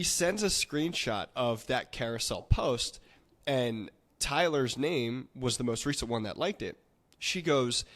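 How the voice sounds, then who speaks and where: A man hosting a podcast, chatting casually with a guest. He rambles excitedly, stacking up filler words and the odd swear word. His pitch sits in a typical middle range. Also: a little slow. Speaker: podcast host.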